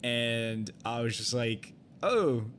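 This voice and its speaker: With lively intonation and a moderate pace, this young man chats on his game stream, telling a personal story in a meandering way. His voice is ordinary in pitch and fairly bright, and he keeps restarting sentences, looping back, dropping fillers and swearing loosely. There's slight hiss or hum in the background.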